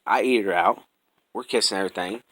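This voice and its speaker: A man's voice: on the low side, brisk, a bit bright, no room sound, rough recording. A young man telling his own life story in casual chat, rambling and profane with many restarts, earnest and close to emotion.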